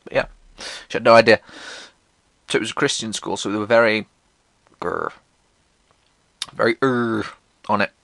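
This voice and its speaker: With little pitch movement, a fairly quick pace, vocal fry and long pauses, a male podcast host speaks in a slightly bright voice with no echo. His comedic personal stories are irreverent and self-mocking, full of swearing and quotes acted out in jumpy pitch.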